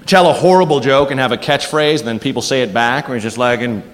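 A man doing a stand-up comedy set, animated and bursting into silly character voices. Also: medium pitch, fast talker. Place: comedy club stage, live audience. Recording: live club with reverb and background noise.

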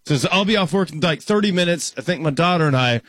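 A man's voice: fairly high pitch, expressive, quick pace, a bit bright, dry recording, studio quality. A man co-hosting a sports radio show, upbeat and easygoing, reading out listener texts and social media plugs. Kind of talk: casual sports talk.

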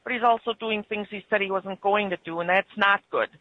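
A woman's voice: mid-range voice, a little fast, phone-quality sound. A woman calling in to a radio show, with an Upper Midwest American accent, chatting in a folksy, opinionated way. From Germany, raised in Wisconsin. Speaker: caller. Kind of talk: casual radio call-in chat.

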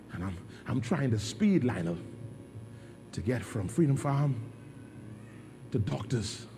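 A middle-aged man, a pastor, preaching a sermon in a dramatic storytelling way that swings from hushed to loud. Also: mid-range voice, a little hiss or hum.

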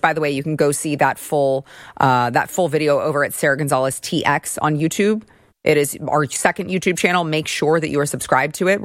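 A woman's voice: sits low, no room sound, studio quality. A young woman hosting a political talk show, giving a brash, sarcastic, opinionated monologue. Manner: brash, sarcastic, rapid-fire.

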